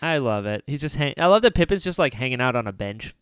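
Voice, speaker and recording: A man co-hosts a casual film podcast with a smooth, resonant voice. He sounds animated and laughs often as he talks. The sound is close and dry. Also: mid-range voice, quick pace, no room sound. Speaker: podcast co-host. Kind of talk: casual chat about a film.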